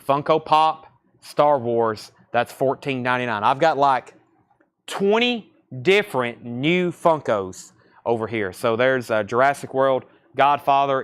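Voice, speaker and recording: Southern guy doing live record sale patter, rattles off titles n prices, says em twice, mid pitch. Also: fairly bright tone, clean tone. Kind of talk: live-stream sales patter. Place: record shop surrounded by crates.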